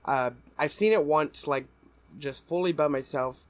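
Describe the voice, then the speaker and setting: A man's voice: fairly high pitch, unhurried. Young male podcast co-host, loose and rambling, laughs often. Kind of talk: casual chat.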